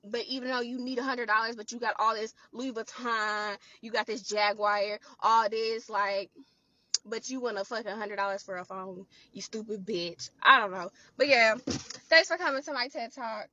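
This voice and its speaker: A woman telling a profane, animated storytime, acting out the quotes. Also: fairly high pitch, moderate pace, no room sound, dull audio. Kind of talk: casual storytime vlog.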